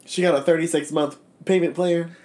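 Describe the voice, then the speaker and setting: A man co-hosting a casual podcast, sassy and profane, firing off quick comebacks. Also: on the high side, steady tone, darkish tone. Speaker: podcast co-host. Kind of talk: casual chat.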